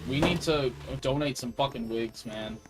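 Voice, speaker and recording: A man's voice: medium pitch, normal speed, background noise. A man livestreaming gameplay who rants in a casual, profane, heavily swearing way. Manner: profane, ranting, heavy swearing. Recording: game stream with music playing behind. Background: clear background music.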